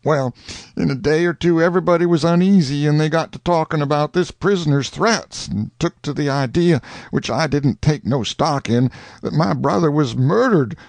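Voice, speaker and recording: A man's voice: on the high side, moderate pace, creaky, darkish tone, dry recording. A man reading a grieving witness testifying. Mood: solemn. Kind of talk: audiobook reading.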